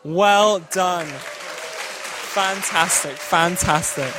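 A man's voice: high voice, drawn-out words, a crowd in the background, noisy background. A man telling a comic story and leading a group in a playful, upbeat, ad-libbing way.

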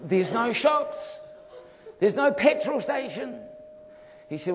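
A man telling a funny travel story in a sermon, animated and laughing often. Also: very high voice, takes it slowly, long pauses. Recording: long hall reverb.

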